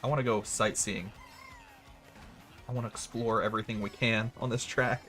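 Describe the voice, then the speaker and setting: A man's voice: lowish voice, steady tone, moderate pace, fairly bright tone, faint music behind. A man casually commentating a racing game livestream, chatty and self-mocking, with hiccups and a little wheezing. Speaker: streamer.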